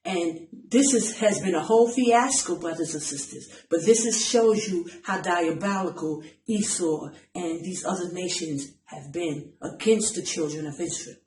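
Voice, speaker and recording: A woman's voice: lowish voice, measured pace, few pauses, darkish tone, roomy sound, slight background noise, poor audio. A woman preaching an impassioned online message, urgent and pleading, repeating her phrases for emphasis. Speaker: self-styled preacher.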